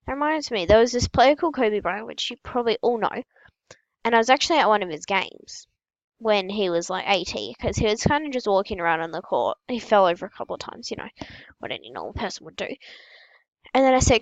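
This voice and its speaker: A female gaming host telling absurd, made-up stories in a casual, matter-of-fact, deadpan way while opening packs. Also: mid-range voice, brisk, no room sound, lo-fi sound.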